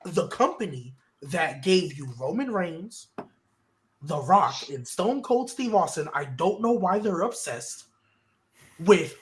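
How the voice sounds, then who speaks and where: A man's voice: high-pitched, very animated, slow pace. A man hosting a casual wrestling podcast, talking in an opinionated, rambling way with frequent restarts. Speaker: podcast host.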